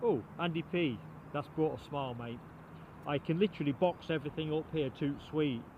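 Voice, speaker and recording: A man's voice: fairly high pitch, fairly quick, muffled recording, noisy background. A man hosting a live plane spotting stream from a mound beside an airport, chatting casually, reading out viewer comments and thanking people by name. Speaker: livestream host. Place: outdoors on a grassy mound beside an airport runway.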